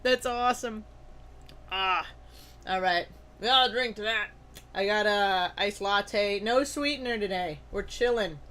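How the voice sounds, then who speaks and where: Young adult stream host, bright tone, upbeat chatter, allergy-sneezy. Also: mid-range voice, measured pace, clean tone. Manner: upbeat, greets viewers by name, frequent loud excited outbursts. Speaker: live-stream host opening trading cards. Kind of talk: casual live-stream chat.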